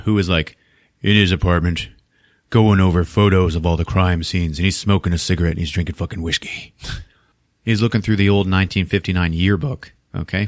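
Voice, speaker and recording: A man's voice: sits low, no echo. A man hosting a podcast who retells a film in a casual, profane, laughing way, on a close studio mic. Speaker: podcast host.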